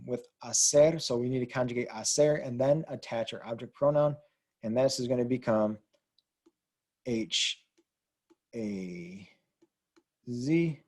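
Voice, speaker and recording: A man's voice: medium pitch, a little mellow. A man teaching a language lesson, explaining rules patiently and spelling words out letter by letter. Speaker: Spanish teacher. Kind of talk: explaining grammar on a whiteboard.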